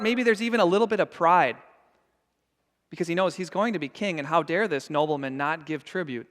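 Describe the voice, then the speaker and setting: High-voiced pastor in an echoing church. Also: male voice, a bit bright. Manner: earnest and emphatic, acting out scenes. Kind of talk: sermon. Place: church sanctuary.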